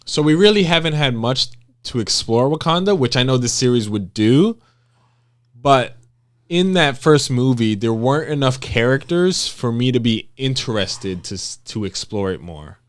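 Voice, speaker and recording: Relaxed young man chatting. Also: medium pitch, moderate pace. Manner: relaxed, rambling, frequent ums. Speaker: podcast co-host. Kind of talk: casual chat.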